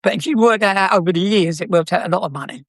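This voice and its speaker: An older South London man, once a car dealer, spins stories in a chatty, cheeky manner and laughs often. His voice is high-pitched and a little bright, and he talks fast. The recording is dry with clean studio sound.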